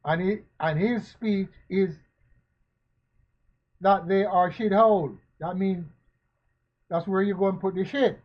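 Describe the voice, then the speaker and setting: A man speaks in a fairly high voice at an unhurried, deliberate pace. He fires rhetorical questions one after another and leans on repeated phrases like a preacher. The sound is dull and lo-fi. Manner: slow, emphatic preaching cadence. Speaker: commentator. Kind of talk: spoken social commentary. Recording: dull lo-fi recording.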